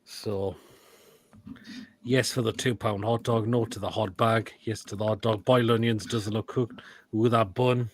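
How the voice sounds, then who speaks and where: A man's voice: lowish voice, steady tone, a little slow. A man hosting a live football stream, reacting to food pictures and reading comments with crude, blunt quips. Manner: crude, blunt quips with sudden loud outbursts. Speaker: host of a live football show.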